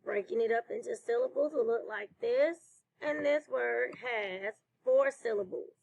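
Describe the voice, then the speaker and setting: A woman teacher leading a slow phonics lesson for children, praising answers. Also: a little high, a little mellow, rough recording. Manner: slow, clear classroom delivery with praise.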